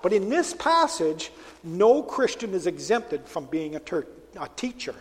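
A man's voice: high voice, big pitch swings, a little slow, big-room sound. A man delivering a sermon, preaching emphatically and posing rhetorical questions to his listeners.

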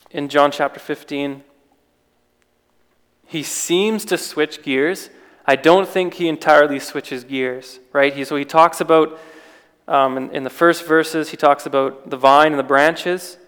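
A man's voice: on the high side, slow, pauses often, fairly bright tone, smooth, long reverb tail. A man preaching an informal sermon in a conversational way, with restarts and rhetorical questions.

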